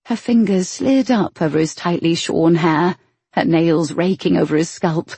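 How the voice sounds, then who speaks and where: A woman narrating a romance audiobook in a slow, sensual manner. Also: on the low side, dark tone, slightly rough, no echo.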